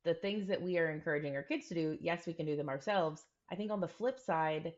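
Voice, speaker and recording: A female podcast co-host talks things through earnestly in casual chat, often acting out quoted examples. She has a deep voice and a brisk delivery, in a dull lo-fi recording.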